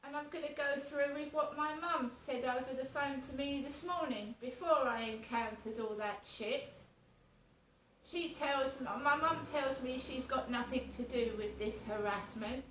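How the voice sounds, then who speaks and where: A woman's voice: high-pitched, measured pace, a bit bright, slight background noise. A woman vlogging in a rambling, indignant monologue, swearing as she talks. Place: home flat. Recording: roomy echo, distant from mic.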